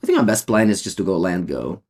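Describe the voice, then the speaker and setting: Italian-accented male streamer, low voice, rambling game commentary full of ums. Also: expressive, fast talker, a little mellow, slightly rough. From Italy. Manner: rambling, many fillers and restarts. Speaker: streamer playing a card game. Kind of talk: casual gameplay commentary, answering chat.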